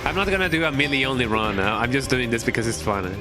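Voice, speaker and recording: A man's voice: medium pitch, sing-song, quick pace, music in the background. A man streaming a video game, chatting in a rambling, jokey way that trails off with "you know". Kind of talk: casual live-stream commentary.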